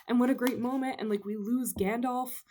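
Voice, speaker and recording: A woman's voice: on the high side, fairly even intonation, moderate pace, a little mellow. Young woman, book vlogger, casual and breathless, gushing fan energy. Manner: gushing, breathless, many fillers, rambling enthusiasm. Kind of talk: excited casual book chat.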